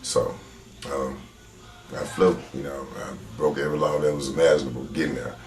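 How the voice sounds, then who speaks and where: A man's voice: extremely low pitch, level tone, normal speed, darkish tone. A man in a documentary interview, talking in an emphatic, rambling way while searching for words. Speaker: interviewee, cousin of the victim. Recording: roomy echo.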